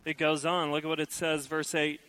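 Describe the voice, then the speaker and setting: Animated preacher man. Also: fairly high pitch, a little fast, poor audio. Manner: animated preaching, acts out quoted voices. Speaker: pastor. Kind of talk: sermon.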